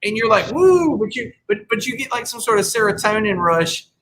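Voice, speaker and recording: Wry storytelling man, bright voice. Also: sits high, a little fast, a little hiss or hum, poor audio. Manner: storytelling, wry, acts out quoted dialogue. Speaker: podcast host. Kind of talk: casual chat.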